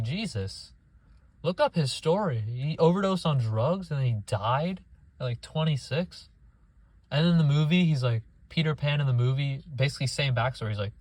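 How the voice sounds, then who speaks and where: Profane young man ranting about movies. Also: mid-range voice. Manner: profane, exasperated, mocking voices. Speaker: movie reviewer.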